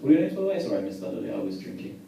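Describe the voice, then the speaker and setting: Brief: young male stand-up, deadpan absurd lines, lively pitch, heard from far off in an echoey club. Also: rapid-fire, vocal fry. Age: young adult. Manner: deadpan absurd, chatty with the crowd. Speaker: stand-up comedian. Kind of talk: stand-up set. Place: comedy venue with a live audience. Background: audience laughter.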